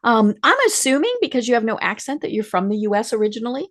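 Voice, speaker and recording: A woman's voice: fairly high pitch, big pitch swings, fast. A woman hosting a business podcast interview, chatting casually and murmuring agreement often. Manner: chatty, frequent affirming murmurs. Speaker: podcast host.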